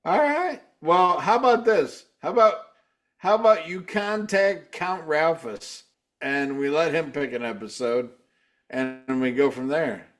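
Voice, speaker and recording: A man's voice: fairly high pitch, measured pace. Rambling male podcast co-host. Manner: rambling, stammers, laughs often. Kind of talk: casual podcast banter.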